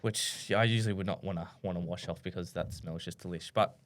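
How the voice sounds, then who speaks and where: A young Australian man co-hosts a podcast, chatting casually and telling a rambling story full of restarts. He talks fast in a low voice with a steady tone.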